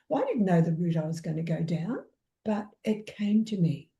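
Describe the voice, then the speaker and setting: A woman from Australia with a mellow, warm tone, telling stories in a lively way and acting out each quote. Her voice rings out in an echoey room. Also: medium pitch, moderate pace. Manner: animated storyteller who acts out quotes. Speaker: energy healer, guest. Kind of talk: casual conversation.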